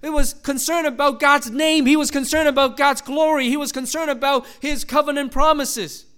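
A man's voice: very high voice, steady tone, moderate pace, a bit bright. A man preaching a sermon, reading scripture aloud and acting out the quoted voices with animation. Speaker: pastor.

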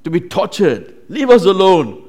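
A man's voice: sing-song, takes it slowly, exaggerated voice. A man voicing whining, bitter ancient Israelites. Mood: bitter complaint. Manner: shrill, accusing, rising questions.

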